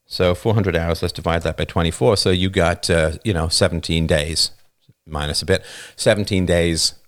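Hosting a livestream through a new studio microphone, a man with a low voice and fairly even intonation talks at a moderate pace. His monologue is casual and emphatic, and he often asks "right?" after his points.

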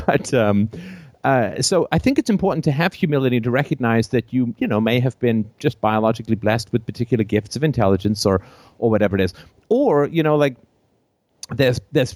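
A British-accented man hosting a call-in show, talking off the cuff in an animated way, laughing often between phrases, with a theater-trained voice. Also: mid-range voice, no echo. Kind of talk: unscripted call-in show monologue.

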